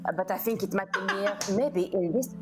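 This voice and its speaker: A woman's voice: medium pitch, fairly quick, heavy background noise. A woman playing in a tabletop game, speaking in a playful, mock-grand way. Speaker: player. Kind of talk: in-character tabletop play.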